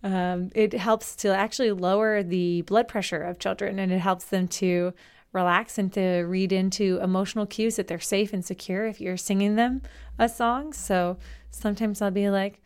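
A young adult woman hosting a solo podcast, giving parenting advice in a gentle, encouraging, conversational way with frequent rhetorical questions. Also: medium pitch, fairly even intonation, normal speed, clear, resonant tone. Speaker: podcast host, nanny and school educator.

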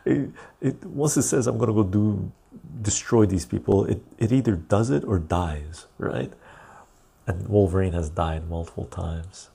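A man's voice: low voice, measured pace, vocal fry, mellow, husky. A man hosting a casual live stream, rambling as he reads viewer comments aloud and answers them. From Canada.

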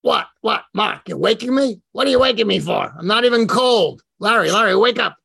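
A man's voice: high-pitched, lively intonation, fairly quick, gravelly, bright, forceful tone, husky, no echo, pitched above the performer's own voice, full character voice. A man voicing a grumpy old male mentor with a Brooklyn accent, who barks impatient repeated questions. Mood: exasperated.

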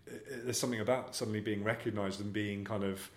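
A man's voice: on the low side, steady tone, quick pace. A man speaking as an actor guest in a casual interview, telling rambling, self-deprecating anecdotes. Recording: echoey room.

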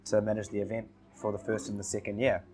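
A man who is a podcast guest in casual chat, telling stories in a relaxed way, laughing often and repeating his words. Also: lowish voice, fast talker.

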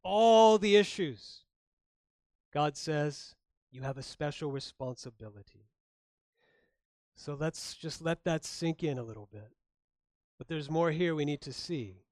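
Man, middle-aged, pastor, sermon, rhetorical questions, fairly high voice, dry close mic. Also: animated, a little slow, pauses often, darkish tone, no echo. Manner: conversational preaching with rhetorical questions and humor.

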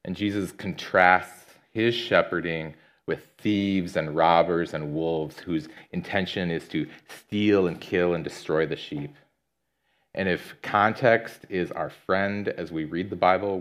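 A man in a sermon, preaching in a relaxed, conversational way with frequent casual asides. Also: sits low. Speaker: pastor.

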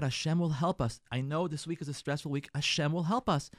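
Higher-voiced rabbi giving advice. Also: male voice, lively intonation, quick pace, dry recording, studio quality. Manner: coaching, acts out sample dialogues in a softer voice; repeats phrases, stammers on word starts. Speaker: rabbi and radio show host. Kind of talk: advice talk to listeners.

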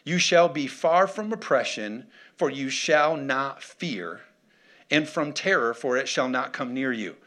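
A man's voice: medium pitch, expressive, measured pace, sharp tone. A man preaching a conversational sermon who keeps checking in with his congregation and asks for responses. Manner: conversational, calls for audience responses. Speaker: pastor.

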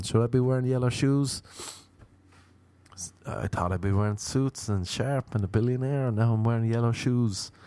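Wry, rambling Irish man, low mellow voice. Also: gravelly, no room sound. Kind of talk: casual comedic monologue.

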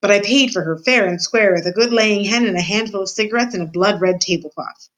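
A woman's voice: mid-range voice, a little fast, fairly bright tone, close to an everyday voice. Grumpy poor uncle, woman reading, indignant, complaining, storybook. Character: grumpy poor old uncle, a sheep owner.

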